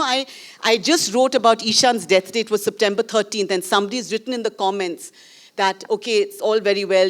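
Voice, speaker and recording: A middle-aged woman filmmaker with an Indian English accent, telling a candid, emotional story to an audience after a screening and slipping in Hindi phrases. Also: on the high side. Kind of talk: post-screening conversation with an audience. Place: screening venue before a live audience.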